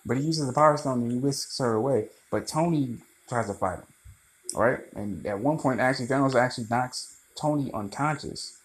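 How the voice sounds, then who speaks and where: A man rambling through a casual, animated movie review, swearing freely. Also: mid-range voice, a little fast, low-quality recording.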